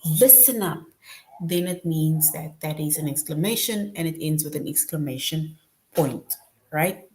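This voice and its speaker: A woman with a slightly low voice teaches an online class. She talks patiently and explains step by step with examples. She keeps asking "right?" to check that her students follow. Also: normal speed, darkish tone.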